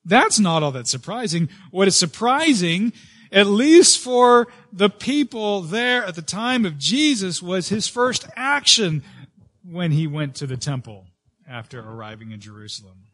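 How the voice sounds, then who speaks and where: A man preaching a sermon as pastor, earnest, with frequent fillers and restarts, rising and slowing to stress key words. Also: high voice, sing-song, fairly bright tone.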